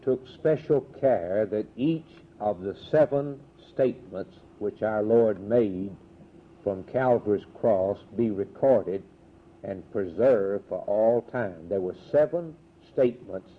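A man preaching a sermon in a slow, measured way, with emphatic rises on key words. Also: on the low side. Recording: dull lo-fi recording.

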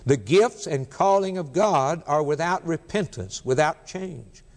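Male preacher, sermon, lively rising and falling pitch, emphatic repeated phrases, long echo of a church hall. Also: a little slow. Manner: emphatic, repetitive preaching cadence.

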